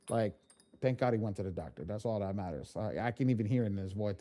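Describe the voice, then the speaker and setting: A man hosting a live training class, telling stories in a casual, animated way, swearing freely and often restarting his sentences. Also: fairly low pitch, quick pace. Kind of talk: casual live-stream storytelling.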